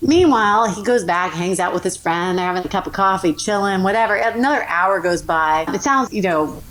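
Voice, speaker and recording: A woman guest on a podcast, telling a story in a lively, animated way and acting out the people in it. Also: mid-range voice, fairly quick, rough recording. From New Orleans. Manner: animated, acts out voices in her stories. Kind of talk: casual storytelling.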